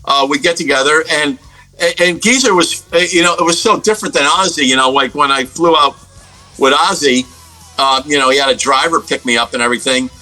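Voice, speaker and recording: Bright-voiced man telling rambling stories. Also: on the high side, a little fast, soft background music, rough recording. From United States. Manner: rambling, lots of fillers and restarts. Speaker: guest guitarist. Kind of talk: casual storytelling interview.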